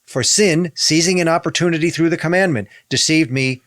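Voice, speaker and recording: A man's voice: fairly high pitch, a little fast, a bit bright, no echo, studio quality. A man, a rabbi, in a podcast discussion, speaking emphatically, repeating key phrases and reading scripture aloud.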